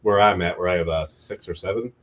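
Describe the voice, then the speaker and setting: A man's voice: deep voice, steady tone, fast. A man who is a regular on a talk show, chatting casually with dry, wry remarks. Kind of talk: casual chat.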